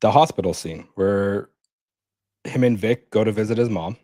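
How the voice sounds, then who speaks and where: A man co-hosting a casual show review, retelling scenes and acting out the characters' lines in quick bursts. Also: lowish voice, dark tone, no room sound, studio quality. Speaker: co-host. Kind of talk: casual chat, recapping scenes.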